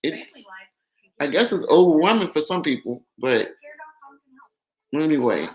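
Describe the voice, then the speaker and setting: A woman's voice: low voice, big pitch swings, unhurried. A woman guest on a casual livestream, emotional and effusive, overwhelmed by her own news. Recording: echoey room.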